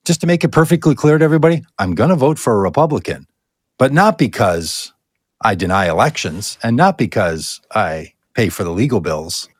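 A man's voice: lowish voice, animated, brisk, husky, no echo, studio quality. A man co-hosting a political talk show, ranting sarcastically to his co-host. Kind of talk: political commentary chat.

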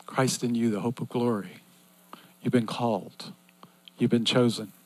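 An older man preaching a sermon in an earnest, repetitive cadence that swings between loud and hushed. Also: mid-range voice, fairly even intonation, unhurried.

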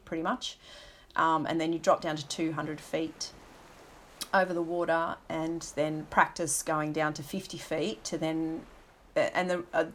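A middle-aged woman speaks in a slightly low voice, recounting her past frankly and at a thoughtful pace. She often restarts sentences and fills pauses with ums. Soft music plays faintly underneath. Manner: candid, reflective, with frequent restarts and ums. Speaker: former navy helicopter pilot. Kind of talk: interview, personal recollection.

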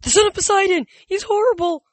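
A man voicing a panicked, delirious teenage boy in a storybook reading, crying out in shrill, frantic bursts. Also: unhurried, darkish tone, breathy edge, no echo, exaggerated voice.

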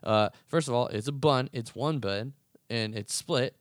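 A man's voice: medium pitch, a little slow, no echo, studio quality. A young man hosting a podcast, arguing heatedly and profanely in a casual ranting monologue. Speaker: podcast host.

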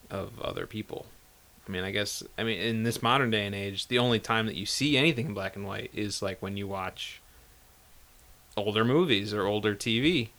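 A man co-hosting a podcast, talking about films in a hesitant, halting way and laughing often. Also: lowish voice, pushed and bright. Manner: hesitant, many fillers and restarts, laughs often. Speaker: podcast co-host. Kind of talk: casual film discussion.

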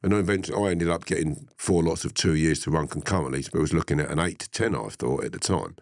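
Very deep-voiced man telling a story. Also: quick pace, vocal fry, no echo, studio quality. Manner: animated storyteller, laughs and swears freely. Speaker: interviewee. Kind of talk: casual storytelling.

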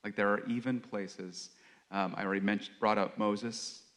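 Preacher, male, lowish voice, halting and earnest, reflective sermon delivery. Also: fairly even intonation, fairly bright tone. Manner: halting, with many pauses and fillers; earnest, confessional. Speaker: worship leader or preacher.

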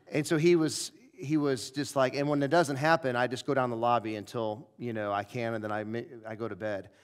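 A male preacher telling a personal story in a revival sermon, acting out the dialogue with lively shifts of voice. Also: medium pitch. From southern United States.

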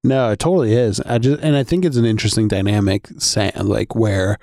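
Male co-host, low creaky voice, rambling chat, dry close recording. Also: brisk, warm tone, dry recording. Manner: laughs often, rambling restarts. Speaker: podcast co-host. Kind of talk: casual chat.

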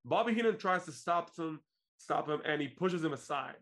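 A man's voice: on the high side, moderate pace. Israeli man retelling old wrestling shows. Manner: animated storytelling, laughs often. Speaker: podcast co-host. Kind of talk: casual wrestling review chat.

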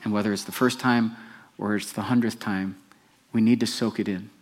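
A man's voice: fairly low pitch, fairly even intonation, moderate pace. A male pastor giving a conversational sermon, often putting questions to the congregation.

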